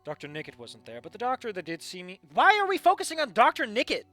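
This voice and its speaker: A man reading a story aloud and breaking off with animated, sarcastic asides to the characters. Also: high-pitched, quick pace, soft background music. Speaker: fanfiction reader.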